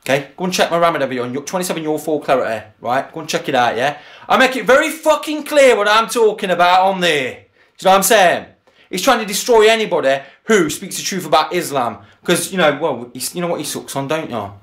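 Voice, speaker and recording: A man's voice: on the high side, expressive, fast, fairly bright tone. A man ranting profanely in a vlog, often asking "do you know what I mean". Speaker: vlogger. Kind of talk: angry rant over video clips.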